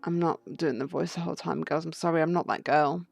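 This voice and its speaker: A woman's voice: low voice, steady tone, fast, vocal fry, a little mellow, no room sound. A young woman streaming a game live, chatty and laughing, swearing and talking to her chat. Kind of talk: casual live gameplay commentary. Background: faint game music.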